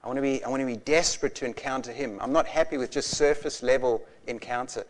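A man in his forties preaching a sermon, passionate and animated, telling stories with bursts of laughter. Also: mid-range voice, quick pace. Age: 40s. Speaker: pastor.

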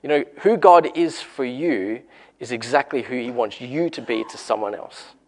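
A man with an Australian accent gives a relaxed, conversational sermon, encouraging his listeners. His voice has a gravelly edge and sits at a middling pitch. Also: normal speed. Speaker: preacher.

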